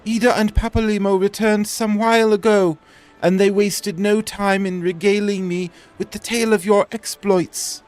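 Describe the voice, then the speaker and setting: Brief: gracious young woman leader, a man doing the voice, high and formal, faint game music underneath. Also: little pitch movement, normal speed, a little mellow, close to an everyday voice. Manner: formal, stately.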